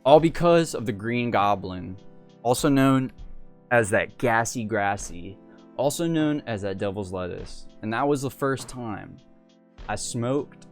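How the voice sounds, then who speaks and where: A man telling a personal story in a casual, animated way, full of slang. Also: medium pitch, a little slow, faint music behind. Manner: slangy, animated and laid-back. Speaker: storyteller host.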